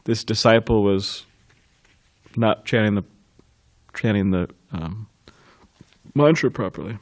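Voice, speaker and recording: A man giving a devotional class, recounting a memory with frequent chuckles and halting restarts. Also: fairly low pitch, darkish tone, no echo, studio quality. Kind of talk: reminiscing in a scripture class.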